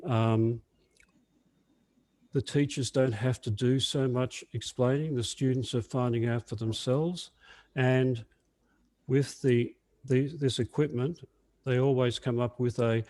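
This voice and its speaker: A man's voice: mid-range voice, steady tone, slow, a little mellow. An Australian man presenting in a webinar over a video call, chatty and hesitant with many fillers. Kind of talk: casual webinar talk.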